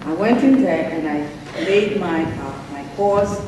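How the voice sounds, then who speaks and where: Older woman, halting speech. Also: fairly low pitch, lively intonation, background noise. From South Africa. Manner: halting, many fillers and repeats. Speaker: award honoree giving a speech. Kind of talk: acceptance speech. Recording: echoey hall, mic heard from far off.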